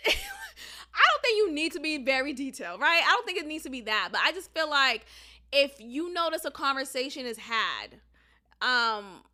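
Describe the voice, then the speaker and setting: Woman podcast host, high voice, bright tone, outspoken, casual opinion talk. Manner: candid and outspoken, frequent "like" fillers. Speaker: teacher.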